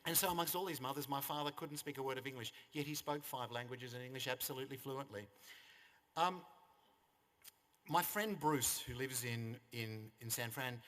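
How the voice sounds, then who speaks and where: An Australian man in his fifties delivers a funeral eulogy in an easy, storytelling way, with a wry humour running through his anecdotes. His voice sits at an ordinary middle pitch. A long reverb of a service hall trails after his words. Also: a little fast, sharp tone. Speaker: son giving a eulogy.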